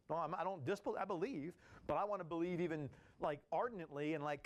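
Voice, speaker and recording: A man leading a Bible study, teaching in a lively, casual way and acting out the people in the story. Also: on the high side, brisk. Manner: animated, acts out voices of people in the story, casual slang.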